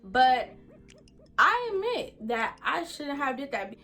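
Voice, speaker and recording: Woman, vlogger, casual storytime, animated, slangy, fairly high voice. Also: slow, faint music behind. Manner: animated retelling with slang and many asides.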